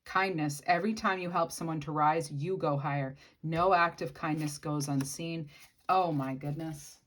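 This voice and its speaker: Woman tarot reader, low voice, casual musing delivery. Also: fairly even intonation, normal speed, a bit bright, a little hiss or hum. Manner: musing, speaks to the viewer directly. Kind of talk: casual channeled tarot reading.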